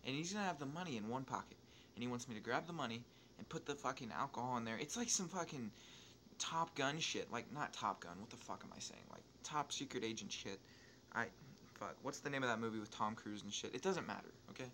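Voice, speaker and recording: A young man tells a story in a loose, rambling way, swearing almost every sentence and stopping to correct himself. His voice sits at an ordinary pitch and jumps in loudness when he gets excited. Faint noise hums underneath. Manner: profane, rambling, restarts and asides; excitable, quick swings in loudness. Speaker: YouTuber telling a story. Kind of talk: casual storytelling over gameplay.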